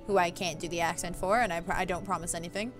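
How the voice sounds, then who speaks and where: A woman hosting a let's play, chatting casually and excitedly, swearing and laughing at herself. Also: on the low side, fast, soft background music. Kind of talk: casual game commentary.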